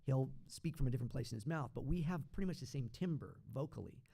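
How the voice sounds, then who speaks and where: A man's voice: mid-range voice, animated, fast talker, vocal fry, warm tone. A man, a voice actor guest on a podcast, chatting casually and slipping into impressions.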